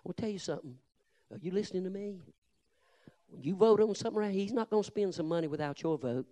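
A man preaching a Baptist sermon, telling folksy stories and moving from low, confiding tones to loud, shouted rebukes. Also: animated, quick pace. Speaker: Baptist pastor. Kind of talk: fiery storytelling sermon.

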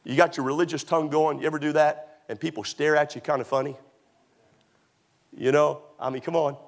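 A man preaching a sermon as a pastor, telling stories with sudden high whoops and shouts. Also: fairly even intonation, brisk. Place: church auditorium.

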